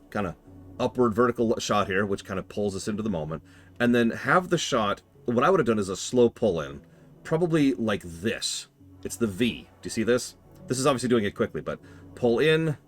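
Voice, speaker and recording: A man with a fairly low voice rambles through casual live-stream commentary on a game, stopping himself often and talking to his chat. His pitch swings widely as he talks. Faint music plays underneath. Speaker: game streamer reviewing a horror game.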